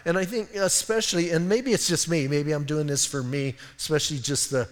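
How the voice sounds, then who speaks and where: A man's voice: fairly high pitch, steady tone, fairly quick, long reverb tail. A man preaching a sermon as pastor, conversational and self-deprecating, telling funny stories about himself. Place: church sanctuary.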